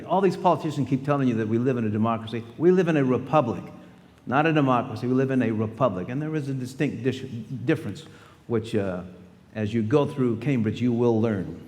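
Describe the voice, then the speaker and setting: A man's voice: medium pitch, darkish tone. A man in his sixties giving a storytelling speech to students in a large school hall, acting out the voices of people in his stories. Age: 60s. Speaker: guest speaker. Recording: long hall reverb.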